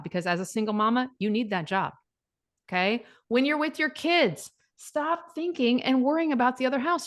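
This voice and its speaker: A woman's voice: on the high side, fairly bright tone. A woman in her forties, a divorce coach, talking bluntly and emphatically, swearing freely in casual chat.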